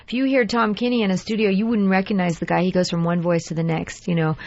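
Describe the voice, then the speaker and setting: A woman's voice: mid-range voice, quick pace. Chatty woman voice actor on talk radio. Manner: chatty, animated, jumps into character voices. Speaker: voice actress guest. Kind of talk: radio interview conversation. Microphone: studio microphone. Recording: slightly dull dry radio studio audio.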